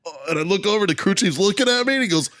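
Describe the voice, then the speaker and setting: A man's voice: high voice, expressive, racing, a bit bright, no echo. A man in his thirties, co-hosting a podcast, telling a war story in a loose, swearing, filler-heavy way. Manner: swears freely, lots of fillers, laughs mid-story. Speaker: podcast co-host. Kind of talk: casual profane storytelling.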